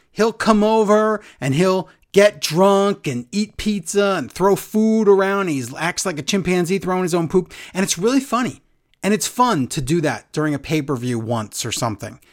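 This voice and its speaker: Animated, sarcastic wrestling podcast host. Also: medium pitch. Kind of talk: casual wrestling recap chat.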